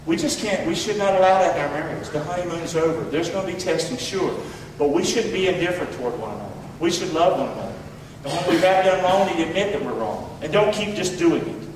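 A man's voice: high-pitched, fast, slight background noise. Man preaching in an echoey hall. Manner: animated preaching, quotes scripture in dramatic voices, jokes with congregation. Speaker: pastor. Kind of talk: sermon. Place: church sanctuary. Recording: echoey hall, mic at a distance.

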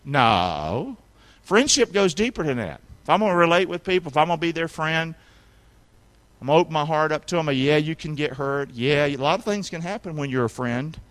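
A man preaching a sermon as a pastor, with emphatic call-and-response and sudden shouted lines for emphasis. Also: on the high side, clear, resonant tone. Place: church sanctuary.

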